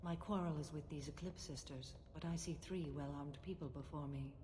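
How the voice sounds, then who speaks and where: An actress voicing a stern warrior-monk woman bound by a strict code, speaking calmly and solemnly. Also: low-pitched, slight background noise, lightly acted. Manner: calm, measured, solemn.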